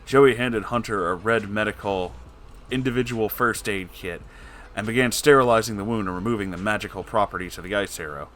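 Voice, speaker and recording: With a fairly low, slightly bright voice and a fairly quick pace, a man gives a theatrical storybook reading, voicing each character. There's slight background noise.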